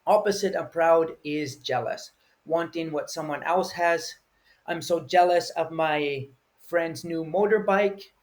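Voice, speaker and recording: A man's voice: a little high, a little slow. A man teaching English vocabulary, explaining each word patiently and acting out short example feelings.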